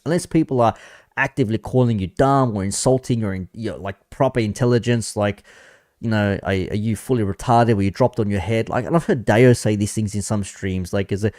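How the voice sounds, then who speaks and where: A man's voice: lowish voice, darkish tone, dry recording, clean studio sound. A man talking casually on a live stream, rambling about online chat moderation and swearing freely. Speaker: commentary streamer.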